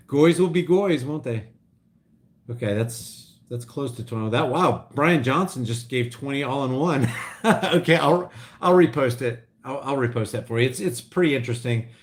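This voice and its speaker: A middle-aged man talks casually to his livestream viewers in a medium-pitched voice. He rambles, restarts his sentences and reacts to chat, his level rising and dropping as he goes. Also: a little slow. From Oklahoma. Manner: rambling, restarts, swings loud and quiet. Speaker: vlogger reading live chat.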